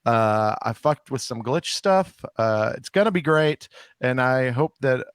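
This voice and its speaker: A man's voice: medium pitch, lively intonation, a little slow, clean tone, dry recording. A man with a mid-range voice, recorded dry and close. He co-hosts a comedy podcast, rambling wryly and poking fun at himself. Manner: wry, self-deprecating, rambling with fillers. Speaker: podcast co-host. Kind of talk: casual comedy podcast chat.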